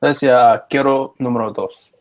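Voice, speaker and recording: A man's voice: mid-range voice, fairly even intonation, moderate pace, dull audio, background noise. A man in casual chat with friends, joking around and tossing in Spanish phrases.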